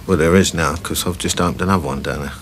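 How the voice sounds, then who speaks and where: A man's voice: rumbling low, quick pace, slight background noise. A man, a shoe shop owner talking in a chatty, rambling way.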